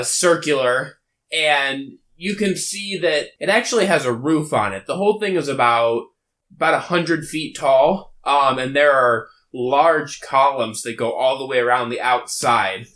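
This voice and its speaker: Acting as game master, a man narrates a tabletop game in a halting way, packed with fillers. His voice is mid-range with a fairly bright tone.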